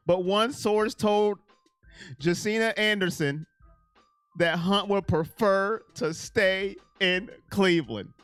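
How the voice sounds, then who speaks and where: A man hosts a casual sports livestream, rambling and openly emotional as he thanks donors by name. His voice is smooth and clear, recorded dry and close, with faint music underneath. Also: high-pitched, fairly bright tone, no echo. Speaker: sports channel host.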